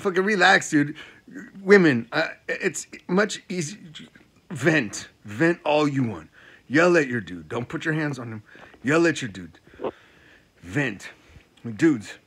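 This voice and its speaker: A male comedian doing a profane stand-up rant, repeating lines and swinging from loud outbursts to low mutters. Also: breathy edge.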